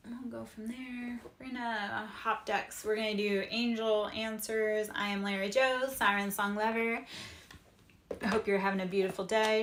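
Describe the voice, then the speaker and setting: A woman's voice: medium pitch, fairly bright tone, echoey room. A woman giving a live-streamed tarot reading, speaking in a repetitive, affirming, spiritually encouraging way. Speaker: tarot reader. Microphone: streaming microphone.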